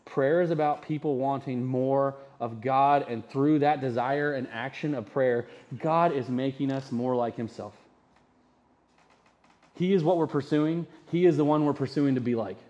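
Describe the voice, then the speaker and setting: A man's voice: mid-range voice, moderate pace, darkish tone, highs cut off. A man preaching a sermon as pastor, conversational, often asking the congregation rhetorical questions.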